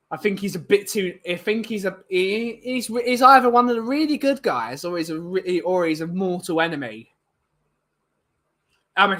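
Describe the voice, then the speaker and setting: A man's voice: a little high, fairly bright tone. A young man chatting casually and opinionatedly to viewers, rambling with many restarts. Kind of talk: casual chat.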